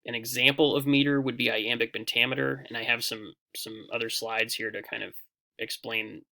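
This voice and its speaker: Bright, gravelly-voiced male lecturer. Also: medium pitch, moderate pace. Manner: relaxed explaining with frequent fillers and restarts. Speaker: teacher. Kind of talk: recorded poetry lecture over slides.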